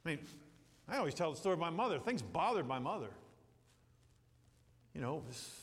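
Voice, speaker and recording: Preaching a sermon, this middle-aged pastor speaks fairly quickly in a fairly high voice with big swings in pitch. His talk rambles, full of playful asides and acted-out quotes, and a long hall echo trails behind him.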